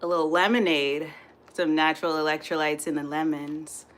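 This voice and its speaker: A woman's voice: deep voice, normal speed, a little hiss or hum. A woman fitness instructor, coaching a live workout with whoops and encouragement. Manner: energetic, whooping, encouraging, says "y'all".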